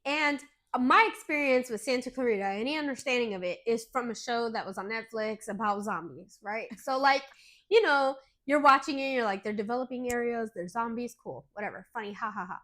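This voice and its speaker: A woman co-hosting a podcast, telling a story in casual chat with animated, dramatic retelling and some swearing. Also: fairly high pitch, brisk. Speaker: podcast co-host.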